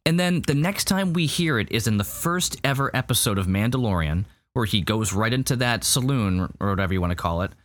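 A man's voice: medium pitch, lively intonation, brisk, few pauses, fairly bright tone. A man co-hosting a podcast, reviewing a show in casual chat, rambling with lots of fillers and restarts. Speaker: podcast co-host.

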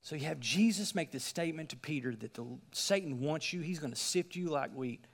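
Male preacher, higher register, earnest emphatic sermon delivery with scripture reading. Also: animated, fairly quick, gravelly, long reverb tail. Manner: earnest, emphatic, asks the listeners direct questions.

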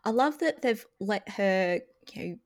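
A woman co-hosting a podcast, chatting casually and animatedly about a TV episode. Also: medium pitch. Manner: chatty, animated, jumps in with quick reactions. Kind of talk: casual chat.

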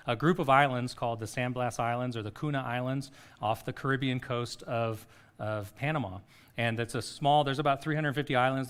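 Middle-aged male pastor, sermon, earnest questioning delivery, soft and paused when guiding reflection. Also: medium pitch, clear, resonant tone. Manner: soft-spoken guided reflection, pauses between phrases.

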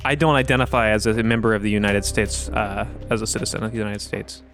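A man improvising a smug young male online crank in a comedy sketch, talking in a flat, matter-of-fact way. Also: fairly low pitch, quick pace, soft background music. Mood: deadpan. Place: room shared with co-hosts.

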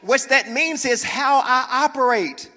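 Pastor, male, high bright voice, playful preaching, long church-hall reverb. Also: measured pace, faint music behind. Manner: lively preaching with humor, calls for congregation responses. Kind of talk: sermon. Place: church sanctuary.

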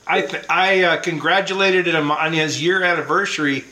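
Casting: man with a high, bright voice, easygoing family anecdote teller. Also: moderate pace, low-quality recording. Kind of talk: casual family chat.

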